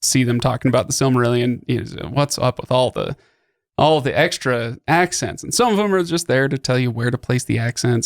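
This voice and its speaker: A man hosts a podcast, explaining things at length in a casual way, with lots of fillers and restarts. His mid-range voice is recorded dry, with clean studio sound.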